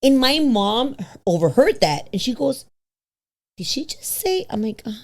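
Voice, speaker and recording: A woman in her thirties, a podcast guest telling a personal story casually, acting out quoted voices with big pitch jumps and slipping into Spanish now and then. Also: sing-song, measured pace. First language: bilingual, switches into Spanish. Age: 30s.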